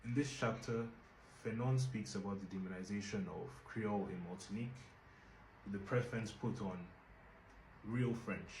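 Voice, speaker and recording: A man with a lowish voice talks through a book in a measured, reflective way. His voice rings in an echoey room with a faint hiss behind it. It sounds like a home-made review video. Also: a little mellow. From Nigeria.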